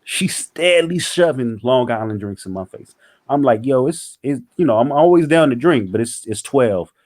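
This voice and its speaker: A man telling a story in casual chat, animated and profane, acting out other people's lines. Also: medium pitch, normal speed, no echo. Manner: animated, profane, acts out quotes.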